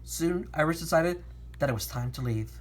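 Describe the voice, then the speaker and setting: Storybook reader, woman, husky and animated, frequent restarts. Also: low-pitched, moderate pace. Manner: lively, with frequent restarts and stumbles. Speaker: narrator reading a fan story. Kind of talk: storybook reading.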